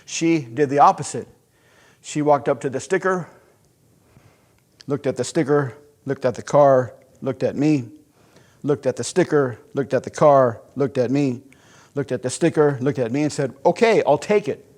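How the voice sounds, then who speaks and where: A man teaching sales psychology through a conversational, animated personal story. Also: medium pitch, normal speed, pauses often. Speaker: sales instructor. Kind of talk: storytelling lesson.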